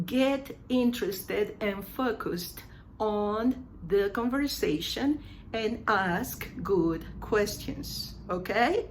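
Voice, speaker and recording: Very slow-speaking woman English teacher. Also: mid-range voice, slight background noise. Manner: slow, deliberate, repeats phrases for learners. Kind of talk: online English lesson.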